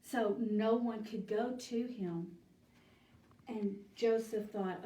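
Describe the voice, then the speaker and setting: A woman teaching a children's Bible study, telling the story slowly and deliberately and asking the children questions. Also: mid-range voice, dark tone, a little hiss or hum. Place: church room. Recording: echoey room, mic at a distance.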